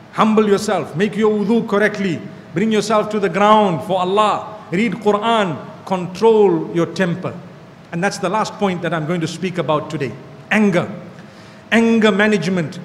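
A man preaching a sermon to a gathering of young people, animated and repeating key phrases for emphasis. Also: high-pitched, moderate pace, big-room sound, slight background noise. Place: hall with an audience.

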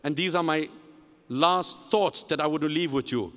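High-pitched guy preaching, acts out the story voices, big hall echo. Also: normal speed. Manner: animated, acts out dialogue in the story. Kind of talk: sermon storytelling. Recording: long hall reverb.

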